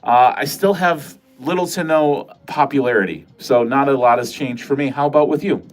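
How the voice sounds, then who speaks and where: A man's voice: mid-range voice, moderate pace. Rambling, joking man streaming live from home. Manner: rambling, self-mocking, joking and profane. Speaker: livestream host. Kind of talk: casual livestream chat with viewers. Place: corner of a home filming room.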